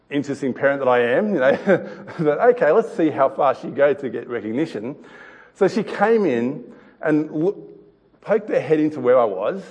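Pastor telling a story in a reverberant hall. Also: male voice, a little high, a little mellow, muffled recording. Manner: storytelling with repeated words and chuckles. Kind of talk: sermon.

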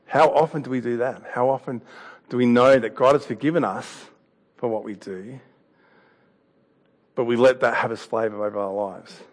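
A male preacher, giving a sermon in a relaxed, conversational way. His voice sits at a middling pitch for a man, and he often drifts softer and quieter. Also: normal speed, pauses often. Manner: conversational and warm, with laughs and anecdotes.

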